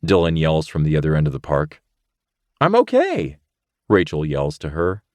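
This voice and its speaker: Deep voiced guy reading a romance audiobook first person, tense and emotional, super dry studio mic. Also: fairly even intonation, fairly quick, darkish tone, no room sound. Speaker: audiobook narrator.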